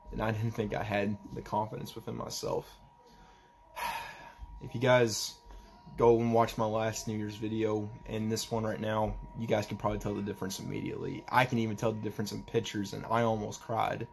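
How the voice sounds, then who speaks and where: A young man talking in a personal vlog, halting and emotional as he tries not to cry, with a faint hiss behind him. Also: fairly low pitch, vocal fry. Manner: halting, emotional, restarts often. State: holding back tears. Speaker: vlogger.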